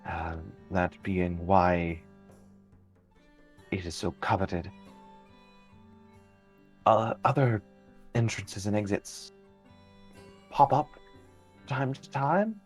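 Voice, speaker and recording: A man voicing a calm, knowing female fey being in a tabletop game, speaking slowly and in a measured way. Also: sits low, soft background music.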